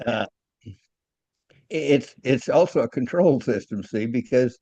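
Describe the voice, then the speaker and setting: A man's voice: mid-range voice, animated, a little slow, dark tone, husky, dry recording. An older man, a retired aircraft engineer, talking casually in an interview, often repeating words and chuckling at his own stories.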